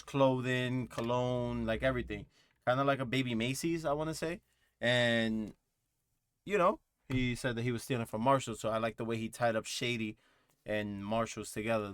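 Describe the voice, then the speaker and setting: Male reaction host, casual rambling commentary, mid-pitched, dry close mic. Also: fairly bright tone, clean tone, no echo. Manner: rambling, thinking aloud with many fillers.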